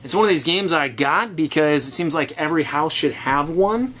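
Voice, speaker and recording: In a casual chat reviewing board games, a male host gives opinionated, chatty takes while thinking aloud. His voice is fairly high, animated and a bit bright, at a moderate pace.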